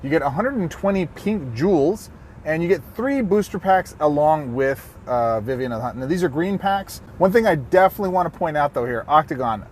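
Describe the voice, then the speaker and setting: A man's voice: a little high, lively intonation, a little fast, a little hiss or hum. Jokey man reviewing a mobile game. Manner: jokey and self-mocking, with goofy asides. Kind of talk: playful YouTube game review.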